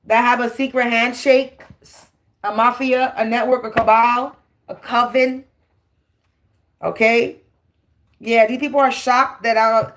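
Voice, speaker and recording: A woman, giving a brash, profane, taunting spiritual tarot monologue. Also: on the high side. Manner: taunting, repetitive, defiant.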